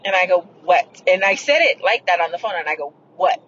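A woman's voice: fairly low pitch, animated, fast talker, a bit bright, dull audio, a little hiss or hum. A woman hosting a podcast, telling a personal story in a blunt, profane, rambling way. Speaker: podcast host. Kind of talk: casual storytelling.

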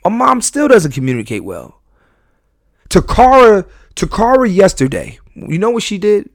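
A man hosting a podcast, talking candidly and emphatically, repeating and restarting his phrases and swinging between loud bursts and low, quiet asides. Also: very animated, normal speed, dry recording, studio quality. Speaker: podcast host.

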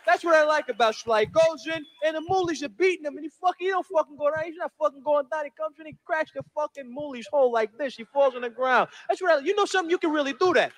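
A man's voice: very high-pitched, pitched above the performer's own voice. A man voicing a brash, profane Italian-American moviegoer in a stand-up comedy bit. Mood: swaggering. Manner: swaggering, profane, quick to pick fights.

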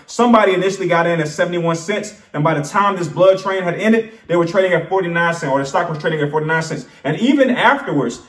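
Male stock vlogger, slightly high voice, chatty and self-correcting, recorded off-mic in an echoey room. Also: fairly bright tone, distant mic. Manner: chatty, self-correcting, addresses viewers directly. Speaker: penny stock show host. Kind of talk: casual stock analysis talk. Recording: roomy sound from off-mic.

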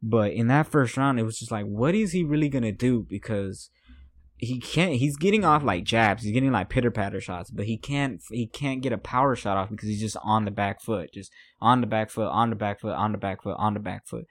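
A man hosts a casual sports podcast and walks through a fight in a loose, rambling way. He repeats phrases and laughs at his own notes. His voice sits a little low, and it is recorded dry, with no room sound. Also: brisk, no room sound. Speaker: podcast host.

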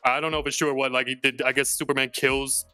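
A man's voice: medium pitch, little pitch movement, brisk, pushed and bright, clear, resonant tone, dry recording, soft background music. A man chatting casually about a movie, laughing often and hedging his opinions. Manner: laughs often, self-deprecating hedges. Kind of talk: casual chat.

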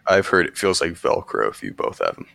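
Early-twenties male co-host, deadpan teaser, low fry-heavy voice, dry sound. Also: quick pace, no echo. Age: young adult. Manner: deadpan teasing, short dry quips. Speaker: podcast co-host. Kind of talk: casual chat.

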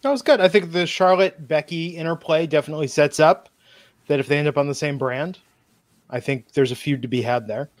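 Easygoing man with a higher voice. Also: fairly quick. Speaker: podcast co-host. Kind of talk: casual chat.

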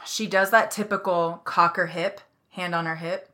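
A young woman on a casual podcast, telling a work story in a heated, animated way with plenty of swearing. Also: on the low side, moderate pace.

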